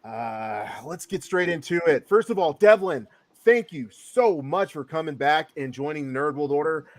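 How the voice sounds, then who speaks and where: A man's voice: on the high side, lively intonation, normal speed. A man hosting a casual podcast, giving hyped, announcer-style introductions. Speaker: podcast host.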